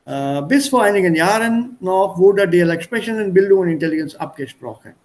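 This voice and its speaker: Speaking briskly in a high-pitched, expressive and slightly mellow voice, a man with an Indian accent runs an online German class. He explains terms through series of English synonyms, heard on a rough video-call recording.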